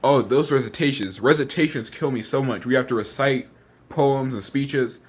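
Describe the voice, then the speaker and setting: Venting in a casual vlog, a teenage boy tumbles through his words, repetitive and thoroughly exasperated. He's a bit breathless, and his normal-for-his-age voice is slightly rough.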